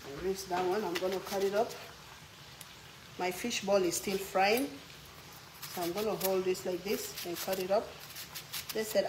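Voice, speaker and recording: A woman's voice: mid-range voice, moderate pace, pauses often, background noise. A woman from Africa with an African English accent, hosting a casual cooking vlog, chatting playfully while reading viewer comments and teasing her audience.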